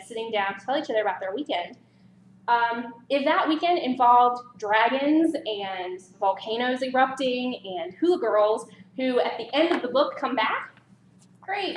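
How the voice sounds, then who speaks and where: A woman presenting a writing workshop in a casual, chatty way, animated with light laughs. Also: fairly high pitch. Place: library meeting room. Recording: roomy echo, faint background noise.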